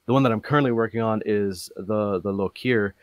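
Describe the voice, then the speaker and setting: Casual male talker, lowish voice, loose and rambly with lots of ums, dry close mic. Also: a little fast, no room sound. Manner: rambling, many fillers and restarts, gets animated. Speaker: podcast guest. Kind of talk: casual chat.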